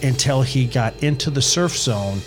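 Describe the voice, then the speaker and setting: A man's voice: medium pitch, moderate pace. Guy telling a story all worked up and cursing, music going behind him. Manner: animated retelling with profanity. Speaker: podcast co-host. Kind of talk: casual storytelling chat.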